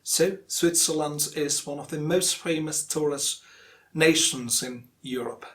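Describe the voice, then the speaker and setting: A young man from India teaching English pronunciation, explaining patiently and repeating each word slowly several times. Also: on the high side, fairly bright tone. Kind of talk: instructional explanation.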